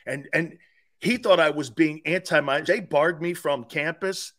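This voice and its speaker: A man in his fifties, a former player and sports radio host, talking as a guest in a casual podcast interview, emphatic and animated with loud outbursts. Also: a little high, moderate pace. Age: 50s.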